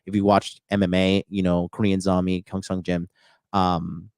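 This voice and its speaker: Blunt, profane man, low voice. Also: flat delivery, normal speed, creaky, darkish tone, clear, resonant tone, dry recording, clean studio sound. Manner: blunt, profane, swings into mocking high voices when quoting. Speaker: dating and fitness coach. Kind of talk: casual podcast monologue.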